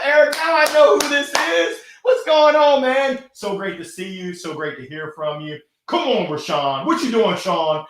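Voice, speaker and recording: An energetic man hosts a live motivational stream and answers viewer comments. His voice sits on the higher side and he laughs often. The room around his microphone is echoey. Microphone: gold microphone.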